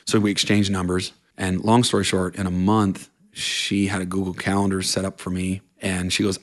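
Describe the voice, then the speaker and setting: Low-voiced man, interview guest, earnest rambling storyteller. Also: flat delivery, brisk. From Vermont, USA. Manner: earnest, tumbling run-on storytelling. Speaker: guest, country singer.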